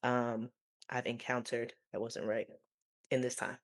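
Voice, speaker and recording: A man, a teacher co-hosting a podcast, telling stories in an animated way over a video call, laughing often and going high when quoting. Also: unhurried. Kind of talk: casual storytelling.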